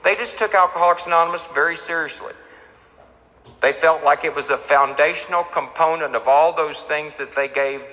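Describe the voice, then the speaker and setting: A man's voice: a little high, sharp tone. A middle-aged man from Texas, speaking at a recovery meeting, telling his story with repeated phrases and acted-out voices of the people in it. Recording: echoey hall.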